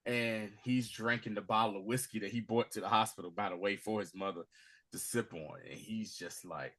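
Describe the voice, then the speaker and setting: A man hosting a casual recap, acting out scenes with slang and swings from loud to hushed. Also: lowish voice, steady tone, moderate pace. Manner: acts out scenes in dramatic voices, swinging from shouting to hushed; profane, street slang. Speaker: podcast host recapping a TV episode.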